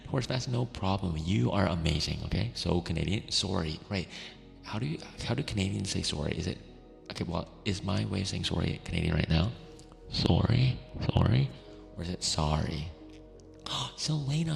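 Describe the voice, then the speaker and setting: A very deep, gravelly male voice speaks gently, drifting between a soft whisper and quiet talk as he closes an ASMR stream. His tone is affectionate and easy, with frequent little laughs. A long reverb trails his words over faint background music. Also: expressive, a little fast.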